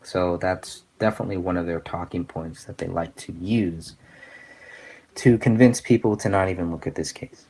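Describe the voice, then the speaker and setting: A man hosting a casual commentary show, talking in an earnest, halting way with many fillers and restarts. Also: sits low, fairly even intonation, a little mellow. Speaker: podcast host.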